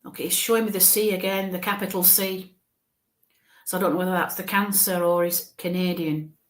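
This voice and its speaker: Halting woman in a roomy space. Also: fairly low pitch, level tone. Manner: halting, thinks aloud with frequent restarts. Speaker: psychic medium. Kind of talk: live mediumship reading.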